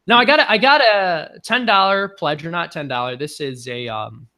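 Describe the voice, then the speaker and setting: A man's voice: on the high side, normal speed, pushed and bright, no echo, studio quality. A young man hosting a casual livestream Q&A, chatty and joking as he answers viewers' questions. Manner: chatty, joking, breaks into voices.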